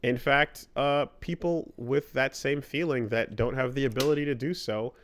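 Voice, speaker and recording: A man's voice: mid-range voice, normal speed, fairly bright tone, a little hiss or hum. A man co-hosting a laid-back gaming podcast. He mostly listens with short agreements and adds the odd wry joke. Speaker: podcast co-host. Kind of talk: casual podcast chat about video games.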